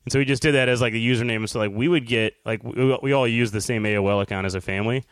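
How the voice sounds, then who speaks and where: A man's voice: mid-range voice, steady tone, no room sound. A young man co-hosting a podcast, telling a story in a rambling casual way with many fillers. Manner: rambling, lots of "like", quick laughs. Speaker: podcast co-host. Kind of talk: casual chat.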